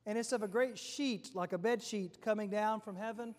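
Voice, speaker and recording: A male preacher retelling a scripture passage in a relaxed, conversational sermon, quoting verses as he goes. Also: high-pitched, normal speed, in a large hall. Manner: conversational storytelling with quoted scripture.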